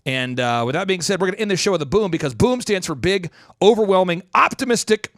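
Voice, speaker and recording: Fast, animated podcast host. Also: male voice, high voice, dry recording, clean studio sound. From Oklahoma. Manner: fast-talking, animated, slips into voice imitations. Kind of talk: energetic motivational monologue.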